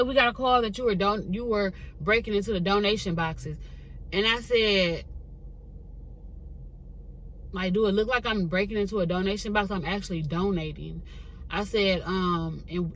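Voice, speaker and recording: Young woman vlogger, bright and lively, recording storytime in her car. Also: mid-range voice, a little hiss or hum, low-quality recording. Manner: chatty, animated, addresses viewers as "girl". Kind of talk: casual storytime chat. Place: parked car.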